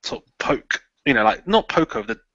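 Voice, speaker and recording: A man's voice: mid-range voice, sing-song, brisk, fairly bright tone, no room sound. A man playing in a tabletop horror game, describing his character's actions in a rambling way full of "sort of" and "like", over a video call. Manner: rambling, restarts, many "sort of" and "like". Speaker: player. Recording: lo-fi online call audio.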